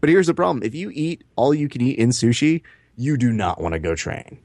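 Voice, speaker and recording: A man's voice: mid-range voice, fairly quick, dry recording, clean studio sound. A man in his thirties, a podcast co-host, telling stories in casual chat and acting out the quotes, swearing now and then. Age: 30s. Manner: animated storyteller, acts out quotes, swears casually.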